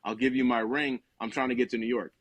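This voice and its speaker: A man's voice: medium pitch, fairly even intonation, quick pace, no echo, dull audio. A young man from New Jersey, a podcast co-host, telling a rambling, profane comic story with lots of quoted dialogue. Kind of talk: casual comedic storytelling.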